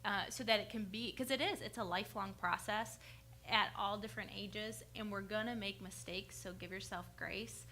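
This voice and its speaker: A woman's voice: medium pitch, steady tone, normal speed, sharp tone, slight background noise. A woman on a church panel giving practical, encouraging parenting advice.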